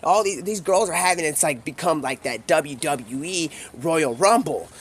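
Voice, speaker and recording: A man's voice: on the high side, lively intonation, normal speed, slight background noise. A man streaming live, telling a rambling, improvised, stream-of-consciousness story full of slang.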